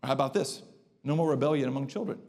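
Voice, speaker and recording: This pastor's voice is a little mellow as he preaches emphatically to the congregation. Slowing and rising in pitch, he hammers home his message, and the hall's long reverb trails each line.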